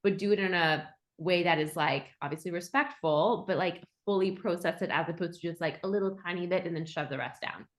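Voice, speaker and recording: A woman's voice: fairly low pitch, fairly quick, hardly any pauses. Chatty woman podcast host. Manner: animated, chatty, many "like" fillers, laughs easily. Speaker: podcast host with a nursing background. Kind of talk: casual interview chat.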